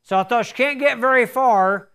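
A man's voice: very high voice, moderate pace, a bit bright, smooth. A man preaching a sermon, telling a personal testimony in an earnest way and rising to fervent emphasis.

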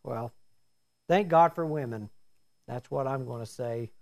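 A man's voice: mid-range voice, unhurried, vocal fry. A middle-aged man preaching a sermon in a folksy, storytelling way with homespun asides.

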